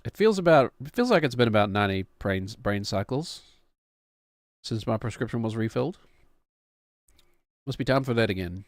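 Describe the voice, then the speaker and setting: A man's voice: medium pitch, lively intonation, normal speed, pauses often, no echo, studio quality. A man in his thirties, a streamer who chats casually in a rambling, wry, self-mocking way. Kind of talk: casual chat.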